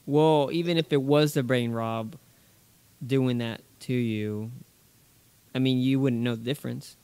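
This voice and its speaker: A man co-hosting a podcast, speaking in a relaxed, steady way with some hesitant fillers. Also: medium pitch, a little slow, clean tone, dry recording. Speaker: podcast co-host. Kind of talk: casual chat.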